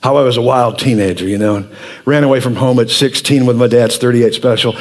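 A man in his sixties, a pastor telling a story in a sermon in an animated, earnest way. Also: mid-range voice, brisk.

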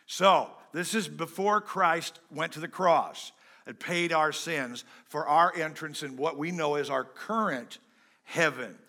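A pastor preaching a sermon in a joking, conversational way, swinging between loud and soft. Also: male voice, fairly high pitch, takes it slowly.

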